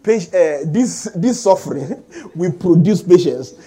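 A middle-aged man preaching a sermon as pastor, animated and calling for amens from the congregation. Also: sits high, unhurried, breathy edge. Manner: animated preaching with call-and-response.

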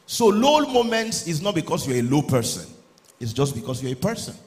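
A man's voice: fairly high pitch, very animated, a little fast, darkish tone. Preaching man in an echoey room. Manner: preaching, reading scripture aloud, building to emphatic peaks. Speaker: pastor. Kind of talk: sermon. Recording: echoey room with faint ambient noise.

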